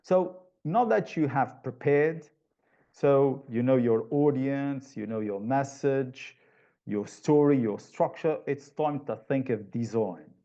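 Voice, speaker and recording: Over a video call, a man presents a webinar in a dark, gravelly, mid-range voice, patiently and slowly explaining his points and often restarting a phrase before continuing. The audio comes across slightly dull and muffled.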